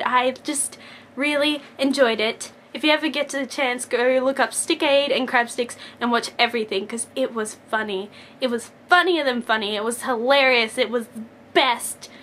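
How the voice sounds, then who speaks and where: A young woman with a high, light voice chatters into her camera at home. She rambles and gushes, then laughs at herself, in a casual fan vlog. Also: slight background noise. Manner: rambling and excitable, jumps between gushing and self-mocking. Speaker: vlogger.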